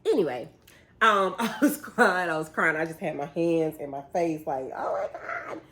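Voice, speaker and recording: A young woman tells a story in a relaxed, chatty way. She jumps between her own voice and the voices she quotes, with plenty of laughter. Her voice sits on the low side for a woman. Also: moderate pace. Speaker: vlogger, bride-to-be. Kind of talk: casual storytelling chat.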